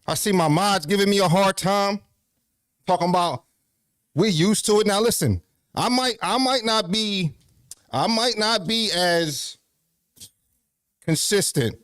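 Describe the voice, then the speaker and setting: A man's voice: high voice, a little slow, long pauses, fairly bright tone, no echo, clean studio sound. A man hosting a casual livestream, out of breath, talking in a loose, profane, rambling way with lots of restarts. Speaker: livestream host.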